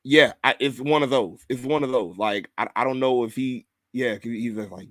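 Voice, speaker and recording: A man's voice: mid-range voice, normal speed, no echo. A man hosting a podcast in casual review chat, rambling and cursing, laughing and reading viewer comments aloud. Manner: rambling, profane, repeats himself. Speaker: podcast host.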